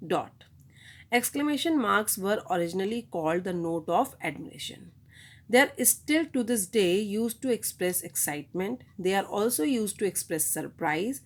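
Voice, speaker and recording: A woman teaching a grammar lesson, explaining step by step, repeating examples and checking in with the class. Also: medium pitch.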